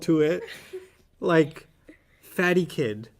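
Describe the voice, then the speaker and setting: A man's voice: a little high, normal speed. A man teaching a class, playful and teasing, laughing easily with his students.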